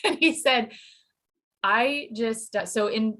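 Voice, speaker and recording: Animated woman telling stories as a guest. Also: fairly high pitch, slow pace. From Pennsylvania, USA. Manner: animated storytelling with acted quotes and laughter. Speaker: podcast guest, Spanish teacher. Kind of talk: casual interview chat.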